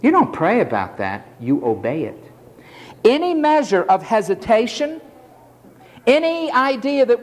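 A man's voice: high-pitched, huge pitch swings, measured pace, big-room sound. A man preaching a sermon in an emphatic, dramatic way, acting out the voices he quotes.

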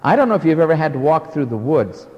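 A man's voice: fairly high pitch, sing-song, fast talker, big-room sound, lo-fi sound. A middle-aged man preaching a sermon with an emphatic, rising and falling cadence.

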